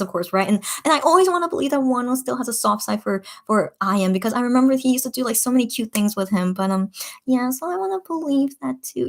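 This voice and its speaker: A young woman hosting a late-night livestream, chatting casually as she reads out and answers viewer comments, full of fillers and restarts. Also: on the high side. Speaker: livestream host reading chat. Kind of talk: casual chat.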